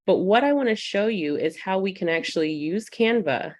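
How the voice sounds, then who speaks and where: A woman teaching a live virtual class, warmly greeting attendees by name and speaking with frequent ums. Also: mid-range voice, expressive, moderate pace. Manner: uses fillers like um. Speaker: online course instructor.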